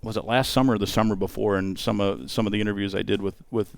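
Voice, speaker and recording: A man's voice: on the low side, fairly even intonation, fast, gravelly, no room sound. Podcast host man asking questions. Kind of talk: casual interview chat. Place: podcast studio.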